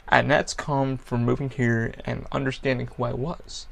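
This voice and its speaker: Guy talking straight into his podcast mic, gravelly and blunt, swears a lot, mid pitch. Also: steady tone, normal speed, hardly any pauses. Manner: blunt, profane, conversational with restarts. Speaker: podcast host. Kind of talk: candid personal podcast monologue.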